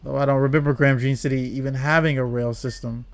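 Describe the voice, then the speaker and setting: A man reading game dialogue aloud as a despairing young woman trapped in an endless world, in a flat, quiet, brooding way. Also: medium pitch, fast, lightly acted.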